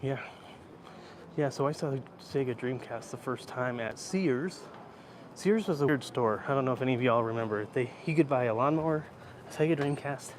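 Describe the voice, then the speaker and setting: A man's voice: mid-range voice, noisy background. Chatty man livestreaming on a phone. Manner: chatty, rambling, answers chat as he goes. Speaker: live-streamer. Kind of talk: casual live-stream chat while walking. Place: indoor library, then outdoor rooftop. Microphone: handheld phone.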